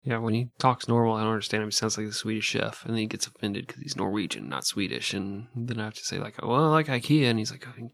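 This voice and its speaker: A man's voice: fairly low pitch, quick pace, gravelly, few pauses, a bit bright, no echo. Sarcastic man bantering on a podcast. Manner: sarcastic, profane. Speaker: podcast co-host. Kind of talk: casual comedic banter.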